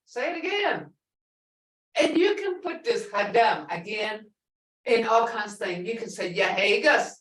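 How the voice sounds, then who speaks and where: A woman leads a language lesson at an unhurried pace, with a lively, rising and falling voice. She sounds far from the mic in an echoey room, repeating words and coaxing students to answer. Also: a little high. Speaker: language teacher.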